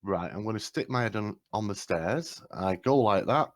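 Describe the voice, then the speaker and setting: Low-voiced man taking his turn. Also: animated, normal speed, slight background noise. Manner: plain-spoken, decisive turns. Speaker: player. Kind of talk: playing a tabletop game over voice chat.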